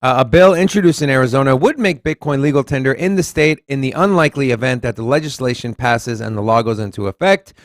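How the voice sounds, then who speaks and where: A man's voice: medium pitch, quick pace, few pauses, dry recording, studio quality. A man from Texas with a Southern accent, co-hosting a casual crypto news chat, reading articles aloud and swearing casually. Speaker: podcast co-host.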